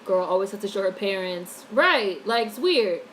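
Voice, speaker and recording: A woman's voice: mid-range voice, expressive, normal speed, fairly bright tone, slight background noise, rough recording. An American woman giving blunt, opinionated casual commentary on a livestream, swearing freely as she reads and answers chat. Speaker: YouTube commentator reading chat.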